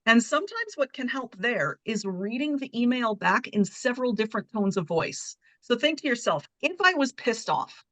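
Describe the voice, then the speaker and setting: A woman guest who coaches communication, explaining ideas in a measured, teaching way. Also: medium pitch, fairly bright tone, no echo, poor audio. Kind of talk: casual chat.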